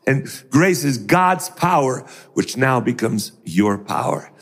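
A man's voice: medium pitch, takes it slowly, long reverb tail. A middle-aged man preaching a sermon who acts out the voices of the people in his stories. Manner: animated, acts out voices in quotes.

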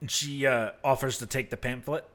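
A man's voice: medium pitch, fairly even intonation, moderate pace, fairly bright tone. A man running a tabletop game as game master, narrating casually with many fillers and restarts. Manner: casual, rambling, full of fillers.

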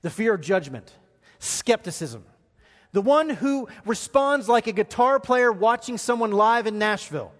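A man with a high voice preaches a sermon, pressing his points with repeated lines and then sinking to a near hush. His words ring out with the long reverb of a large church sanctuary. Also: animated, measured pace. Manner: emphatic preaching, repeats phrases, drops to a hush. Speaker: pastor.

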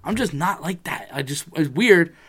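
A man's voice: fairly high pitch, lively intonation, moderate pace, a bit bright, husky. A man in casual chat, telling a rambling personal story, swearing freely and acting out what people said.

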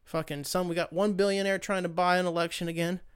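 A young man hosts his own solo podcast, chatting casually in a loose, sarcastic rant with plenty of swearing. His high voice has a level tone and a clean sound, and he talks at a quick pace.

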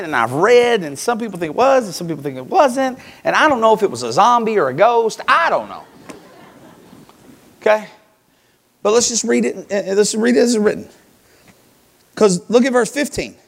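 A man preaches with an emphatic, repetitive delivery and calls out to listeners directly. His voice sits high and swings widely between loud pushes and soft drops. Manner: emphatic, repeats phrases, direct address to the congregation. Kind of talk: sermon.

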